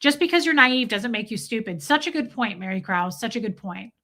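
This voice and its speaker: Woman on a casual livestream, fairly high bright voice, chatty and candid, thanks viewers by name. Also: expressive, brisk. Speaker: livestream host. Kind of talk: casual livestream Q&A, reading and answering chat.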